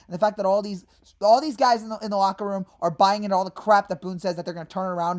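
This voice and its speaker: A woman hosting a fan channel, ranting in exasperation about her team and breaking into sudden shouted outbursts. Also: medium pitch, steady tone, fast. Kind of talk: angry fan rant.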